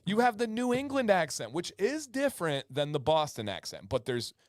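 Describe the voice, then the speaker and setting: A man's voice: high-pitched, very animated, normal speed, dry recording, clean studio sound. A man co-hosting a livestream, chatting casually and reading out viewer comments. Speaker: livestream co-host. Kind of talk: casual chat.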